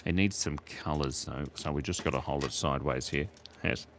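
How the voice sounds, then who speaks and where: A man's voice: a bass voice, normal speed, slight background noise. A man with an Australian accent, casually chatting and joking with his chat while he draws. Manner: playful, jokey, reads chat aloud and laughs often. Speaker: streamer drawing live for chat. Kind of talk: casual live drawing stream.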